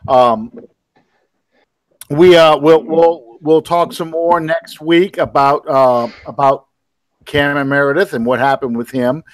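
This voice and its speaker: A man's voice: on the high side, steady tone, a little slow, dry recording, rough recording. Easygoing male podcast host, dry sound. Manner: easygoing, wraps up the show. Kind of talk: casual podcast chat.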